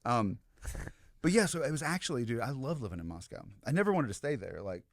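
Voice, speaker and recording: Very animated and talking fast at a medium pitch, this podcast guest, a history professor and comedian from the American South, meanders through anecdotes loaded with "like" and "you know." The studio recording is dry.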